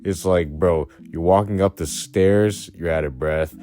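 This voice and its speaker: A man's voice: sits low, a little slow, mellow. A young man ranting casually in a blunt, crude, slang-heavy way, mocking as he goes. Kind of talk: casual rant to camera. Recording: faint music behind.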